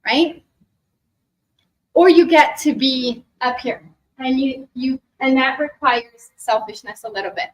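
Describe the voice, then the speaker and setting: Woman w a high voice running a spiritual workshop, lively, keeps saying right?, guided meditation bits. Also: measured pace, poor audio. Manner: animated, acts out quoted voices, frequent "right?". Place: expo workshop room.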